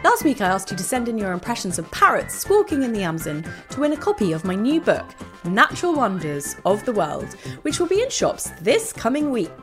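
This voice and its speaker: A woman hosting a children's podcast, reading a scripted narration in a bright, enthusiastic storytelling way. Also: a little high, sing-song, a little fast, over music. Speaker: host.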